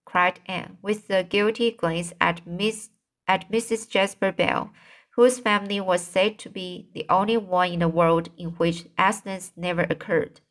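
A woman's voice: on the low side, fairly even intonation, a little slow. A woman reading a classic novel aloud as an amateur audiobook narrator, with occasional slips and restarts. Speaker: audiobook reader.

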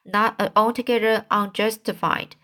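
A woman's voice: mid-range voice, fairly even intonation, unhurried, pushed and bright. A woman reading a classic novel aloud as an amateur audiobook narrator, with occasional slips and restarts. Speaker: audiobook reader.

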